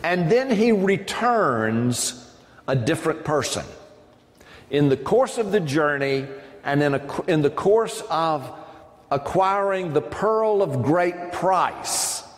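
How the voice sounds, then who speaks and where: A man with a slightly high, animated voice speaks at a slow pace while giving an academic lecture to a live audience. He's discursive, says "um" frequently and makes asides to his listeners, and the lecture hall adds long reverb.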